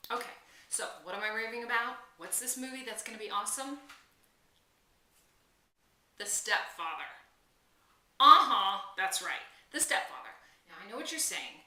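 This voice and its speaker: A woman talks excitedly about movies straight to camera, her bright, high voice leaping up and down as she gushes. The sound is roomy and a little distant from the mic, and she chats with easy, animated energy. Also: brisk. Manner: gushing, animated, chatty. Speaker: film vlogger host. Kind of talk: excited casual film chat to camera.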